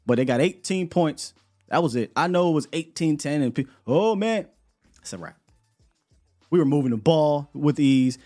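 A man's voice: medium pitch, a little mellow. Emphatic man hosting a sports talk show. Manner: emphatic, repeats points for effect.

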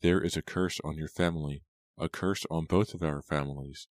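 A gentle, anxious young woman, read by a man, soft-spoken and tender. The voice stays very deep and dry, close to the mic, with little change made for her. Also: steady tone, moderate pace, dry recording.

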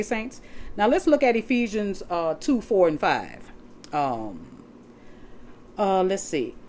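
A woman's voice: mid-range voice, darkish tone, a little hiss or hum. A woman preaching a sermon to listeners she calls saints. She reads scripture aloud and explains it, stressing points by repeating words. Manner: reads scripture aloud from notes and flips pages.

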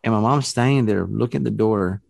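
A man telling a spooky story in a loose, rambling way, sprinkling in "man" and "bro" and stumbling over restarts. His voice has a gravelly, creaky texture. It is recorded close and dry, with no room sound. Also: fairly low pitch, brisk, a little mellow, dry recording.

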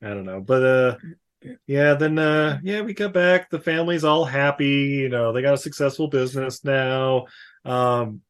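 A man co-hosting a casual podcast, recapping a movie in an animated way, swearing and slipping into silly voices. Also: mid-range voice, moderate pace, smooth. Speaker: podcast co-host.

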